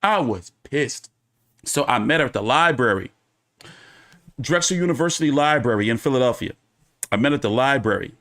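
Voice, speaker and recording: Animated, profane male boxing commentator. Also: medium pitch, normal speed, long pauses. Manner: profane, rambling, animated storyteller. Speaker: boxing commentator and show host. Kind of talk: casual commentary and storytelling.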